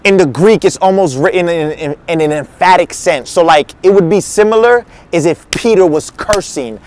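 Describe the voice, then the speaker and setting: A man's voice: sits high, expressive, moderate pace, hardly any pauses. A male teaching pastor giving a casual, slangy sermon, acting out the quotes he tells. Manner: slangy, conversational, acts out quotes.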